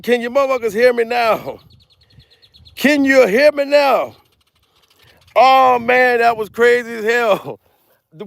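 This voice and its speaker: A man's voice: very high-pitched, gravelly, dry recording, studio quality. A man doing a comedic livestream, out of breath and laughing as he rambles, swearing constantly. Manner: profane, laughing, excitable rambling.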